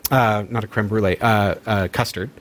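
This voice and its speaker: A man with a lowish, steady voice speaks at a normal speed while hosting a casual chat. He demonstrates smart speakers in an upbeat, talkative way, frequently starting his sentences over.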